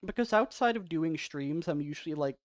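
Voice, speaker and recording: A male game streamer chatting away to his viewers. He rambles and pokes fun at himself, with a smooth, clear voice. The sound is dry and close. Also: on the high side, expressive, fairly quick, no echo. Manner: rambling, self-deprecating; soft-spoken off stream. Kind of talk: casual livestream chat.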